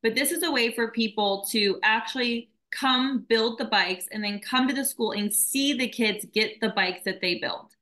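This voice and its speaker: A woman's voice: fairly high pitch, moderate pace, hardly any pauses, low-quality recording. A woman founder of a nonprofit, talking earnestly and emotionally in a casual interview. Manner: earnest, emotional, warm storytelling.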